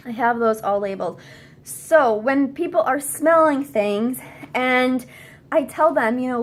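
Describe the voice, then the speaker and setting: A woman who works as a direct-sales consultant, giving quick, chatty how-to tips at home, full of fillers and restarts. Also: on the high side. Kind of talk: casual how-to video.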